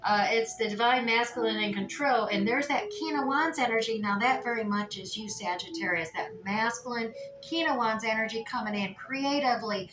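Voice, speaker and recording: A woman reads tarot cards in a loose, chatty way, often restarting her sentences and filling pauses. Her voice sits a bit high and comes from some distance off the mic. The room is echoey, with a faint hiss underneath. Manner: chatty, with many fillers and restarts. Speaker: tarot reader. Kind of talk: casual tarot reading.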